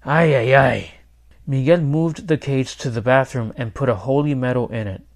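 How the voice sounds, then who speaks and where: A man, a teacher, reading a children's picture book aloud in clear, steady storytelling. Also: mid-range voice, brisk. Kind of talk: children's read-aloud narration.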